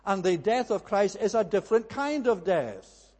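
A man delivering a sermon as a minister, earnest and emphatic, often pausing with "eh" between phrases. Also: sits high, expressive, a little mellow, husky. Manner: earnest, emphatic preaching with frequent "eh" fillers. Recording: long reverb of a large hall.

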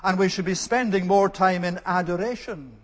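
A man's voice: sits high, moderate pace, long reverb tail. A man preaching an earnest, emphatic sermon and repeating his key words for stress.

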